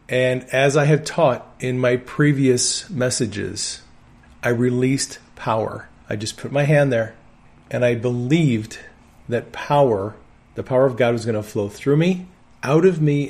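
A man's voice: mid-range voice, measured pace, a little mellow. A man who works on an ambulance, preaching a sermon and telling personal healing testimonies with earnest conviction. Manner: earnest storytelling with firm conviction.

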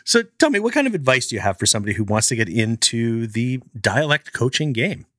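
A man's voice: medium pitch, sing-song, brisk, a bit bright, dry recording, studio quality. A man interviewing a guest in a casual, jokey, self-deprecating way.

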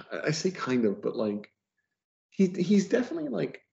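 A man's voice: fairly high pitch, huge pitch swings, normal speed, vocal fry, darkish tone. A man chatting casually as a podcast guest, rambling with lots of fillers and restarts. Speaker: podcast guest, comic book letterer. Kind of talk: casual chat. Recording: dull lo-fi audio.

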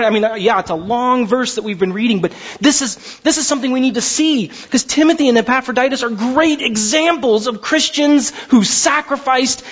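A male pastor preaching with emphatic, conversational passion. His voice sits high and carries a husky edge. The recording is muffled and lo-fi. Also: a bit bright. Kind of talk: sermon.

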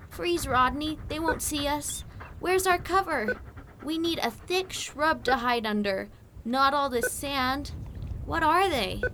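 A woman voicing a timid, gentle young male quail in an audiobook, with a high, nervous, chirpy manner. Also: lively intonation, measured pace, noisy background. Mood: frightened. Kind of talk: audiobook character voice.

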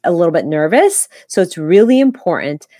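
A woman's voice: on the low side, sing-song, brisk, mellow, no echo, studio quality. A woman co-hosting a podcast, giving chatty tips with frequent ums and restarts. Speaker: podcast co-host. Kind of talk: casual podcast chat.

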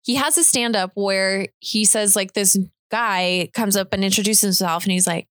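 A woman's voice: mid-range voice, normal speed, fairly bright tone, no echo, studio quality. A woman co-hosting a casual podcast chat who giggles often and retells stories in a rush, full of fillers. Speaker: podcast co-host.

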